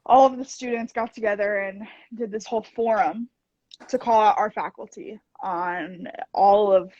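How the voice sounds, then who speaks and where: A woman's voice: medium pitch, moderate pace, no echo, muffled recording. A young adult woman college student telling stories animatedly in a casual interview. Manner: animated storyteller.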